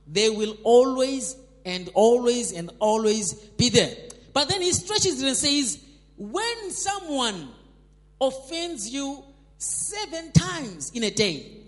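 A man preaching a sermon, emphatic and repetitive, calling on the congregation to respond. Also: very high voice. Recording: long hall reverb.

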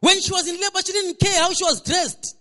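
Male pastor, storytelling sermon, very high bright voice, echoey church hall. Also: a little fast. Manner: storytelling, animated, repeats words when restarting.

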